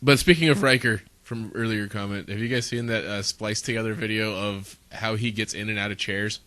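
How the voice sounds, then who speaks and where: Male podcast co-host, casual and chatty, bright edge, dry close mic. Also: lowish voice, steady tone, fairly quick, no echo. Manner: chatty, laughs often, filler "uh". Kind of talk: casual chat, reading listener feedback.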